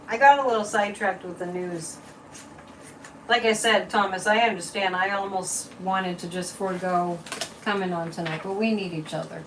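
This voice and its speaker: A woman's voice: mid-range voice, steady tone, normal speed, fairly bright tone, distant mic, a little hiss or hum, poor audio. A woman from Massachusetts hosting a casual psychic livestream, chatty and mocking, repeating words and laughing often.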